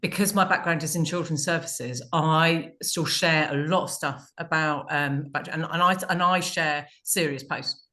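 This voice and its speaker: Woman, from the UK, low voice, jokey, chatty, restarts often, online panel chat. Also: steady tone, moderate pace, pushed and bright. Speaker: consumer rights campaigner and co-host.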